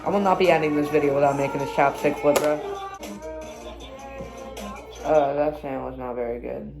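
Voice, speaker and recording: Low-voiced woman, blunt and profane. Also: fairly even intonation, moderate pace. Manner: blunt, self-critical, swears freely. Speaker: musician reacting to own album. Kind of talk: casual reaction commentary. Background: own music playing clearly.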